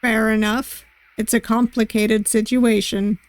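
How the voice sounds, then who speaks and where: A woman's voice: fairly high pitch, level tone, unhurried, no echo, natural voice. A woman doing a flirty pirate sailing master. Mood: flirty reassuring. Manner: attempted pirate accent, gentle and reassuring. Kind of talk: visual novel voice reading.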